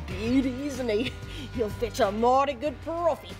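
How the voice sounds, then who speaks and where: A woman playing an excitable, theatrical wildlife-show host in a comedy sketch, dropping into hushed whispers. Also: fairly high pitch, a little slow, music in the background, lightly acted. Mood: showy. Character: brash Australian-style wildlife-show host.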